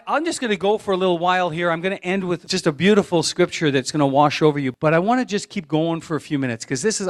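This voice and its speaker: A middle-aged man pastor preaching a sermon in a conversational, storytelling way, wandering off into side stories. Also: a little high.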